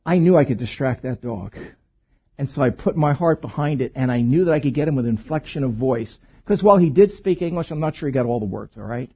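Male pastor, animated husky storyteller, slightly muffled recording. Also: mid-range voice, fairly quick. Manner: storytelling with humor, swinging between hushed and loud. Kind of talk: sermon.

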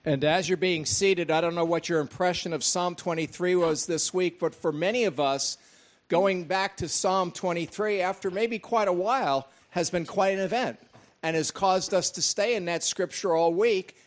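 High-voiced man pastor, friendly. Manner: friendly, conversational. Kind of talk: sermon introduction. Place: church hall.

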